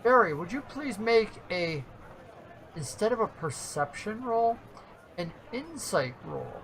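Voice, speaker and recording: A woman narrating a tabletop game as game master, lively and playful. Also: medium pitch, unhurried, a little hiss or hum, rough recording. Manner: lively, playful, laughs often.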